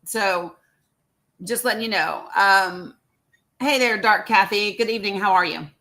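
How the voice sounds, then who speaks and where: A woman with a medium-pitched, sharp voice speaks a little slowly while hosting a live social audio stream. She's chatty, greets her listeners by name, and uses plenty of fillers.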